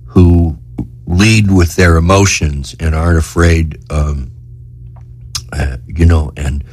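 A middle-aged man, an author, reading his own essay with feeling and then talking in a halting, earnest way. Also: low-pitched, breathy edge. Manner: earnest, emotional reading; halting, filler-heavy talk. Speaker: author and guest. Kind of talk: reading aloud, then conversation.

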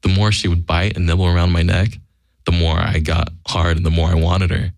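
Deep-voiced blunt man telling a story. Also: little pitch movement, a little fast, dry recording, clean studio sound. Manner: blunt, acts out quoted dialogue. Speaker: guest storyteller. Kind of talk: casual profane anecdote.

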